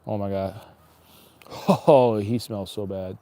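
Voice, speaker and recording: A man's voice: lowish voice, slow pace, warm tone, dry recording. A man chatting casually and wryly to himself and passersby while fishing outdoors by an icy river, streaming live. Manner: rambling, wry, talks to himself and passersby.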